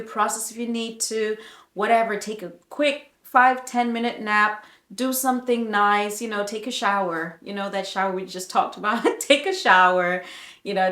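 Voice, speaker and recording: A woman's voice: mid-range voice, fairly bright tone, reverberant. A woman nurse giving chatty, emphatic health advice straight to the viewer in a casual vlog.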